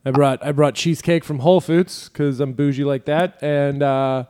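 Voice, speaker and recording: A man's voice: on the high side, flat delivery, normal speed, dark tone, clear, resonant tone. A man co-hosting a casual comedy podcast, rambling with restarts and frequent laughter. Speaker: podcast co-host.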